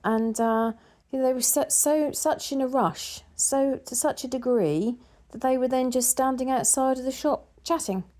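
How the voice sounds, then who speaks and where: A woman's voice: high voice, normal speed, a little mellow. A woman telling a story in a casual vlog, chatty and full of quoted dialogue. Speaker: vlogger.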